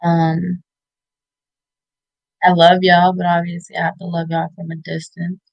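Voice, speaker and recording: A woman in her thirties giving tearful, heartfelt shout-outs in an interview, halting with many fillers. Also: fairly low pitch, monotone, creaky, no room sound, dull audio. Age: 30s. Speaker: interview guest.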